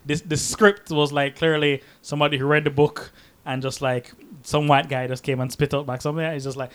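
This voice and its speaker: This co-host of a casual film podcast has a slightly high voice and a brisk pace. Full of energy, he tells stories and acts out the voices of the people involved.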